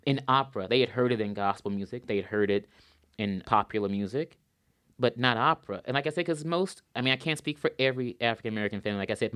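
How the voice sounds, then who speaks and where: A man's voice: mid-range voice, fairly bright tone, no room sound, studio quality. A man, an opera singer, answering interview questions in an earnest, thoughtful way and repeating words for emphasis.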